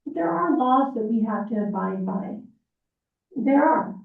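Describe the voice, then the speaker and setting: A woman chairing a city meeting, speaking in a firm, calm and measured way. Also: fairly high pitch, gravelly. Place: city council chamber. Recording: echoey room, distant thin phone-like sound.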